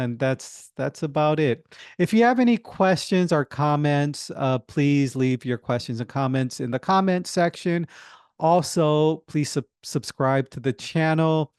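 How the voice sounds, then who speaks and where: A middle-aged man hosting his own podcast, talking in a casual, halting way with many restarts and fillers. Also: medium pitch, darkish tone, smooth, no room sound, studio quality. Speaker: podcast host. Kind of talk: casual solo monologue.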